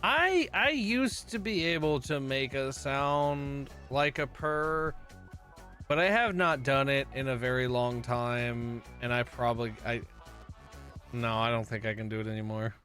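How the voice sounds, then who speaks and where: A man's voice: medium pitch, unhurried, pushed and bright, faint music behind. A man chatting casually with viewers on a live stream, rambling and playful, often losing his train of thought. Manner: rambling, playful, easily sidetracked.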